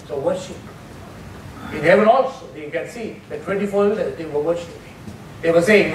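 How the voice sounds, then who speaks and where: A man's voice: high-pitched, normal speed. A man preaching a sermon as pastor, emphatic, repeating key phrases and lifting his voice on quoted prayers. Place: church sanctuary. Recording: echoey church hall from far off, some noise.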